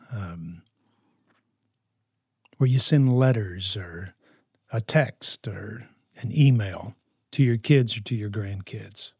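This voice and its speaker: A man's voice: medium pitch, a little mellow, no echo, studio quality. An older man and grandfather giving an earnest, emphatic talk to grandparents, repeating his key phrases. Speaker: speaker on grandparenting.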